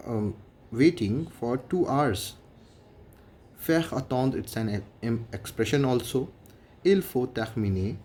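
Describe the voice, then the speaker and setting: A man's voice: mid-range voice, mellow, slight background noise. A man with an Indian English accent, a French teacher explaining grammar methodically and translating each example line by line.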